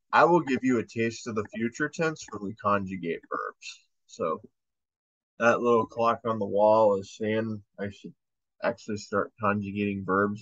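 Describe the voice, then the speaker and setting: A man's voice: on the low side, a bit bright, no echo. A man teaching a casual language lesson, drilling verb forms aloud and correcting himself as he goes. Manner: slow, drills conjugations aloud, corrects himself mid-sentence. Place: home room. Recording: dull lo-fi home recording.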